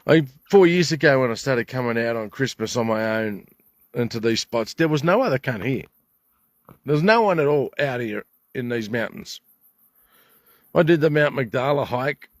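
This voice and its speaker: A man's voice: mid-range voice, no room sound. Older Australian man ranting, dry sound. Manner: swearing, indignant, rambling. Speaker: vlogger. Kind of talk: angry rant to camera. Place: campsite in the bush outdoors.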